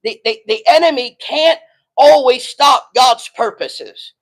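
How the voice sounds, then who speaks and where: High-voiced man preaching emphatically. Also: takes it slowly, rough recording. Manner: emphatic, conversational preaching with frequent "right?" and "man". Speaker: pastor. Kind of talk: sermon.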